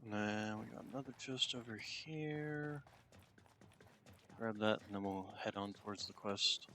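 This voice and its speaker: A man's voice: lowish voice, a little slow, pushed and bright, a little hiss or hum. A man streaming a shooter game, chatting casually and talking to his cat between game remarks. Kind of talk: casual gameplay commentary.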